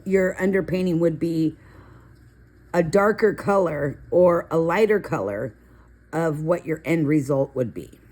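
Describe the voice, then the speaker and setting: A woman's voice: low voice, unhurried, darkish tone. A middle-aged woman hosting a coloring video, chatting casually and telling rambling stories while she works. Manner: chatty, storytelling, rambling asides. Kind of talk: casual coloring tutorial chat.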